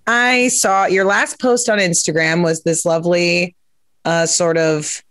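A woman's voice: fairly low pitch, fairly even intonation, a little slow, a bit bright, dry recording. A woman hosting a podcast in a casual, chatty way, with lots of fillers and giggles as she reads captions aloud. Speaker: podcast host. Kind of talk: casual interview chat, reading captions aloud.

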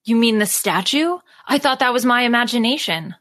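A woman's voice: a little high, lively intonation, normal speed, a bit bright, pitched above the performer's own voice. A woman reading the lines of a bewildered adventurer, her voice lifted and questioning. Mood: anxious. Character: frightened adventurer, puzzled and unsure.

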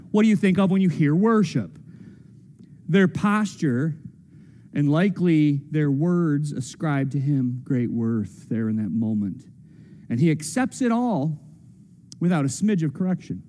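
A man's voice: sits high, dark tone, in a large hall. A man preaching a sermon as a pastor, casual and joking, with playful quoted voices. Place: church sanctuary.

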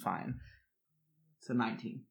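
A man playing a tabletop game, excitable and prone to swearing at the dice. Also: unhurried. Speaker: player.

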